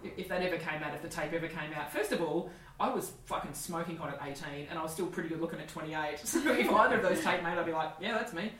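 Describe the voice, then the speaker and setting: Low-voiced Australian woman storyteller in her forties. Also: fast talker, few pauses, a bit bright, echoey room, far from the mic, poor audio. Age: 40s. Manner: candid, swearing, laughing storyteller. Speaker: comedian guest. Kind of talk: casual storytelling chat.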